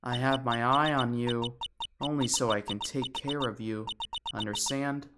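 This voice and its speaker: A woman voicing a quiet, coldly menacing young maid in a game playthrough, speaking softly and slowly. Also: extremely low pitch, steady tone, heavy background noise. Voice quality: soft, hushed and slow.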